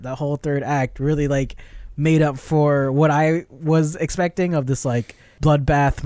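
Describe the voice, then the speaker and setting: This is a casual film review chat: a male podcast co-host, voice on the high side, clear and resonant, recounts the movie one scene at a time. His retelling is lively and meandering, heavy with fillers, captured in a dry, studio-quality recording.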